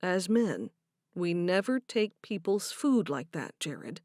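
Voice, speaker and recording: Gentle calm man, woman narrator doing him, low quiet voice. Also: takes it slowly, no echo, studio quality. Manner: calming, low, soft. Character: calm gentle grown man, a father figure.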